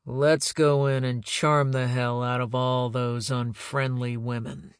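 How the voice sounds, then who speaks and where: A man's voice: medium pitch, level tone, takes it slowly, smooth, dry recording, studio quality, lightly acted. A male narrator voicing a brash male police detective who cracks sardonic jokes. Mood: wry. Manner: sardonic, joking.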